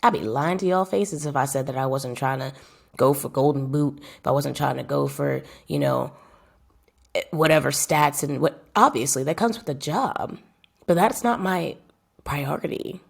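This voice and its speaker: A woman's voice: deep voice, normal speed, creaky. A young woman footballer telling her story in a casual vlog, talking straight to viewers and hammering points home with repeated phrases. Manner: emphatic, repeats phrases for effect; addresses viewers directly and chattily. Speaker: footballer vlogging about her career.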